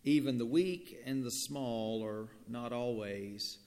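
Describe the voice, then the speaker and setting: A man playing a gravelly, slow lion king. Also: mid-range voice, a little mellow, in a large hall. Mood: humbled. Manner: haughty, slow. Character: proud male lion king, later humbled.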